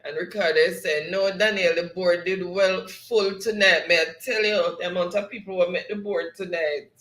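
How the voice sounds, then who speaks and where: A man's voice: high voice, steady tone, normal speed, a bit bright. A man hosting a livestream, reading chat comments aloud in a chatty way, laughing often and slipping into patois. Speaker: livestream host. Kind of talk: reading live chat aloud, casual sign-off. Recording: roomy echo.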